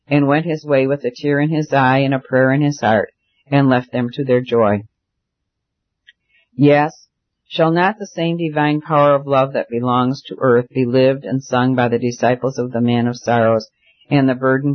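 A man narrates a novel in a steady, measured voice of middle pitch. The sound is dull and lo-fi. The room is dry, with no echo. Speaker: audiobook narrator.

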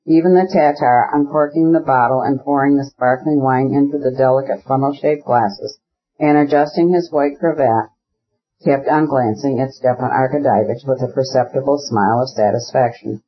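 A man narrates a classic novel at a measured, even pace. His voice is husky and of middle pitch. The recording sounds a little dull and lo-fi. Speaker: audiobook narrator.

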